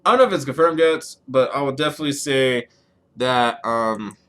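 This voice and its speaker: Rambling, profane young man chatting solo. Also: fairly quick. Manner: rambling, profane, excitable, pitch jumps when worked up. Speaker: podcast host. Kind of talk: casual solo chat about anime.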